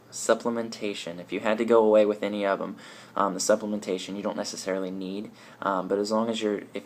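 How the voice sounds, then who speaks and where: A man's voice: on the low side, a little mellow, slight background noise. A young man, a fitness trainer, talking straight to camera in a chatty, upbeat way with plenty of ums and restarts. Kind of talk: casual talking-to-camera vlog.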